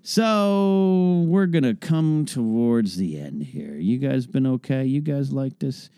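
A man's voice: medium pitch, expressive, slow, mellow, clean tone, no room sound, clean studio sound. Rambling wry male podcast host. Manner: rambling, self-interrupting and wry. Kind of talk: casual listener Q&A.

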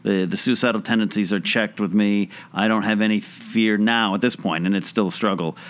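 A man hosting a conversational interview, relaxed and reflective with a joking streak. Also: fairly low pitch, brisk. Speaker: podcast host.

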